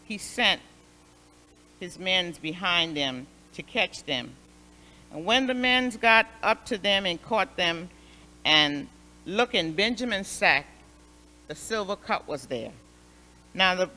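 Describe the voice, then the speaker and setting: A woman leads a Sunday school lesson, retelling a Bible story in an unhurried, emphatic way and circling back on key phrases. Her tone is bright and forceful. The sound rings with a long church-hall reverb. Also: lowish voice. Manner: expressive, repeats phrases for emphasis.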